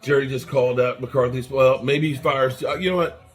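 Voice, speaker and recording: A man's voice: medium pitch, steady tone, moderate pace, soft background music. A man hosting a fan channel, delivering an angry, repetitive rant with swearing.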